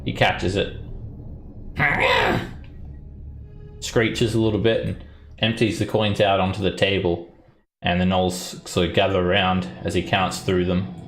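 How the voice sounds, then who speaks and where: A low, gravelly man runs a tabletop adventure, narrating at an easy, halting pace. His voice rings in an echoey room with faint music underneath. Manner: relaxed, hesitant narration with fillers. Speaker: dungeon master.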